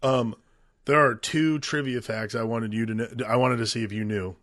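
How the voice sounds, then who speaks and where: Man, podcast co-host, relaxed hesitant chat, mid pitch, dry close mic. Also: normal speed, no room sound. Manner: easygoing, hesitant, with many restarts and fillers. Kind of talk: casual movie podcast chat.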